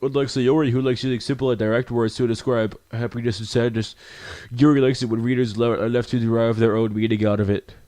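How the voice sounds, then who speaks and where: A man's voice: mid-range voice, steady tone, fast, few pauses, warm tone, dry recording, lightly acted. A confident teenage girl who runs a club, put on by a man. She talks in an encouraging, chatty way, her voice lifted just a little. The sound is dry and close, like a game read-along.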